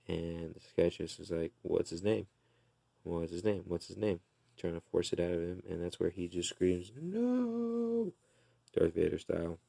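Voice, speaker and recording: A man casually retelling the plot of a comic book issue, relaxed and full of fillers and restarts. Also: low voice, gravelly, no room sound.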